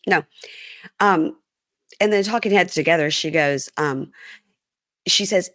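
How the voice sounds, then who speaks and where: A woman's voice: lowish voice, a little slow, long pauses, a bit bright, dry recording, clean studio sound. A woman hosting a casual podcast chat, retelling reality show scenes and quoting the people in them. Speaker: podcast host.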